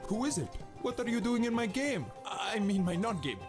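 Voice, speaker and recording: A melodramatic computer program, high-voiced and swinging widely in pitch. He talks down to people and predicts doom, with music behind him. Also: animated, moderate pace. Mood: haughty. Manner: melodramatic, insulting. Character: fatalistic male computer program, dramatic, doom-saying. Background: game music.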